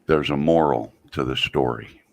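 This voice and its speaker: Deep-voiced man telling a long joke. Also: vocal fry, darkish tone. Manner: drawn-out storytelling, folksy. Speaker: host.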